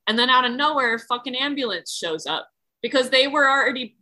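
A woman's voice: high voice, expressive, a little fast, pushed and bright, poor audio. A woman telling a personal story in casual chat, rambling with lots of fillers and frequent swearing. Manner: rambling, heavy use of "like", swears freely.

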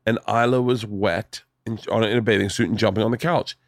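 A man hosting a podcast, telling stories in a loose, animated way and swearing freely. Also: on the low side, brisk, dry recording, studio quality. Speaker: podcast host. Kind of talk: casual storytelling chat.

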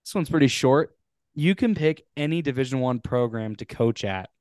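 A man co-hosting a podcast, chiming in with quick dry quips. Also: mid-range voice, a little mellow, clean tone, no echo. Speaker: podcast co-host. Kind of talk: casual chat.

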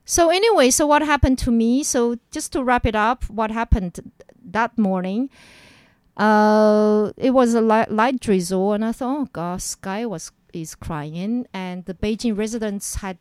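A woman's voice: fairly high pitch, measured pace, clear, resonant tone, no room sound. A woman, recounting her past as an interview guest and acting out voices as she goes. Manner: animated, acts out quotes in a raised voice. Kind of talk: personal storytelling in an interview.

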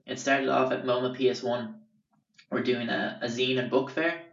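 A young Irish man rambles through his stories casually, swearing freely and filling gaps with "um" and "like." His voice sits at a middle pitch and echoes in a roomy space. The sound is dull and a little distant from the mic. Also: little pitch movement, moderate pace, creaky, fairly bright tone. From Ireland. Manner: rambling, sweary, lots of fillers. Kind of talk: casual storytelling.

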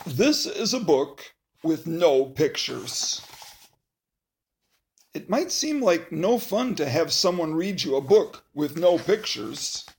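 A reader performing a children's book aloud, playful and mock-protesting, with exaggerated outbursts. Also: mid-range voice.

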